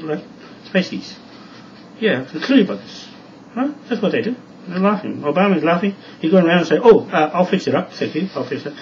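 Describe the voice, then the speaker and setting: Guy ranting on and on in a home video, kinda high voice, dull muffled audio w faint hiss. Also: distant mic. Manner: rambling, repetitive, warning. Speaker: video blogger. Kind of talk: rambling monologue to camera.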